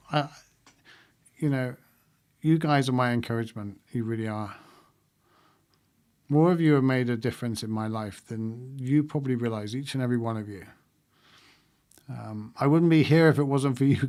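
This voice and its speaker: A man hosting a livestream, talking casually and reflectively to his viewers and laughing often. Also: mid-range voice. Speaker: livestream host.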